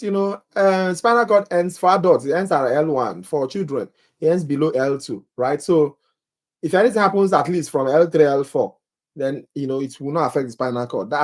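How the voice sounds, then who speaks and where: A man leading a live nursing exam-prep review, reading quiz questions and answer options aloud to viewers and joking about his own accent. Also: fairly high pitch.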